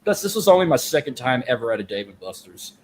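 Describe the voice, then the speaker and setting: A man's voice: medium pitch, very animated, fast, a little hiss or hum. A man co-hosting a podcast, telling a long story in casual, profane, rambling chat. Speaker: podcast co-host.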